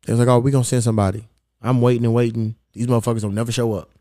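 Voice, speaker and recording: Male podcast host, heated profane rant, mellow dark tone, dry close sound. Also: mid-range voice, rapid-fire, no room sound. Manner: profane, heated, animated retelling. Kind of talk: casual storytelling rant.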